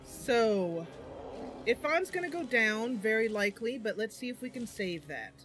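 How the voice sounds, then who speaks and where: A woman commentating her own game stream in a slow, unhurried way, her voice bright and forceful. She thinks through each move aloud and bursts into loud cries when things go wrong. Faint game music plays behind her. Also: on the high side, sing-song.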